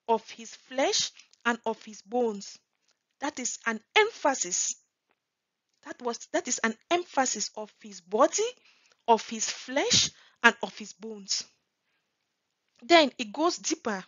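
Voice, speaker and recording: A woman's voice: a little high, dry recording. A woman teaching from the Bible, reading verses aloud and explaining them point by point, repeating key words for emphasis. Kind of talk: slow, deliberate Bible teaching. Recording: dull lo-fi recording.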